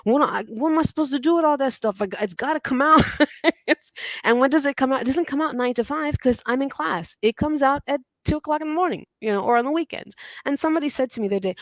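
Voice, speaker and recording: A woman in her forties, a teacher and mother, chatting as an interview guest in an animated, self-deprecating way with frequent laughter. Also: high voice, quick pace, no room sound. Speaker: podcast guest, teacher and mom. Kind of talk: casual interview chat.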